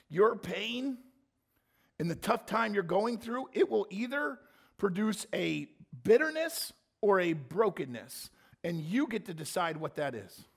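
Passionate high-voiced gravelly male preacher. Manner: impassioned, rising to near-shouting when voicing scripture. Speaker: pastor. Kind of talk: sermon.

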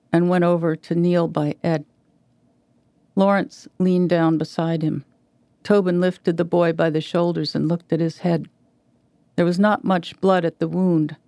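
Woman, literary reading, gravelly, mellow, dry close sound. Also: on the low side, no echo. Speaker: guest reader.

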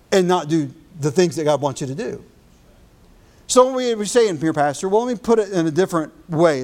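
A male pastor preaching a sermon, slowing down to stress key phrases. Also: sits high.

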